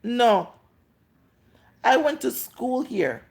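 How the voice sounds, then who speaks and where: A woman's voice: a little high, sing-song, extremely slow, gravelly, a little mellow. A woman in her late thirties with a Jamaican accent, ranting and scolding on a live stream, drawing out words for emphasis. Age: 30s. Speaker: vlogger.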